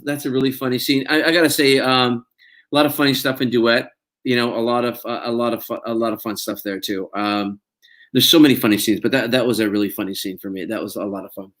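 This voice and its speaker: A man's voice: medium pitch, fairly bright tone. A man, an actor being interviewed, chatting casually and telling stories with frequent laughs. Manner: chatty storyteller, laughs often.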